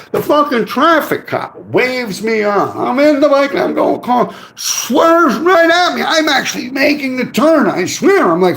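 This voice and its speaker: A man telling city stories on a live stream in an animated, profane, slangy way, often tagging "man" onto his lines. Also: high-pitched, creaky. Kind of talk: casual live-stream storytelling.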